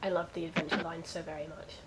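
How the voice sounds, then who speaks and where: A woman's voice: fairly low pitch, flat delivery, quick pace, heavy background noise. A woman running a tabletop game, bantering playfully with her players in casual chat.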